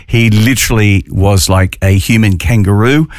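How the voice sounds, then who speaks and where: Australian man, radio host, low-pitched, dry close studio sound, chatty, corny jokes. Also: moderate pace, no echo. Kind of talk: casual talk radio chat.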